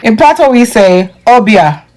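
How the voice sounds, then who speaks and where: A woman's voice: on the high side, lively intonation, a little slow, darkish tone. A woman from Jamaica with a Jamaican accent, casually comparing words and slipping into playful patois examples. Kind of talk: casual word comparison video.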